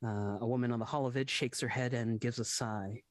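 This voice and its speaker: A man's voice: mid-range voice, steady tone, a little fast, no echo. Man narrating as game master.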